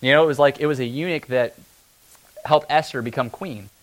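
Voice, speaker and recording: A man preaching a sermon in a relaxed, conversational way, often slipping into quick acted-out asides. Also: medium pitch. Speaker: pastor.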